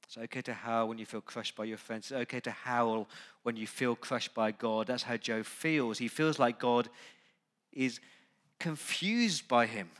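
A man preaching a sermon. He talks straight to the congregation and moves from quiet, conversational asides to loud, urgent emphasis. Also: medium pitch, unhurried. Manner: conversational, asks the congregation direct questions. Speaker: pastor.

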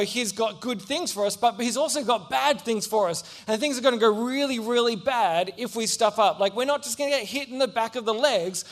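A young man preaches in a lively storytelling way, acting out the people in his anecdotes. His voice sits high for a man. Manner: animated, acts out voices in anecdotes. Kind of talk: storytelling sermon.

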